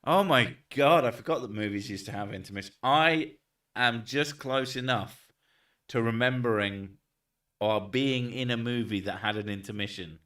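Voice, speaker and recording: A man's voice: mid-range voice, normal speed, a bit bright, far from the mic. A man streaming and chatting casually, joking, swearing and reading chat messages aloud.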